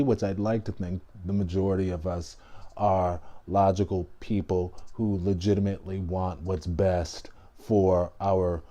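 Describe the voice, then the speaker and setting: A man vlogging casual political commentary, talking in an animated, emphatic way with frequent restarts and asides. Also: medium pitch.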